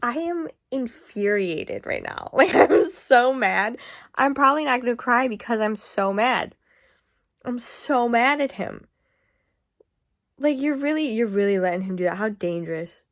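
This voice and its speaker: A young woman who vlogs about books chats at home about what she's currently reading, sounding exasperated and breaking into laughter. Her voice is a little high and animated, kept at a measured pace.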